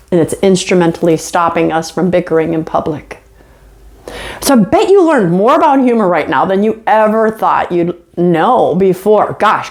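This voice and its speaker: A middle-aged woman and college instructor giving a conversational lecture video, animated and chatty with self-mocking asides. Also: mid-range voice.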